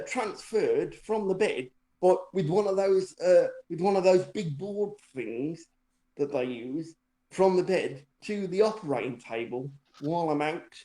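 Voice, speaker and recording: A man's voice: a little high, mellow. A man casually telling a long personal story, rambling with many fillers and restarts and a dry, self-mocking humour. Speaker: podcast co-host telling a story. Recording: roomy echo.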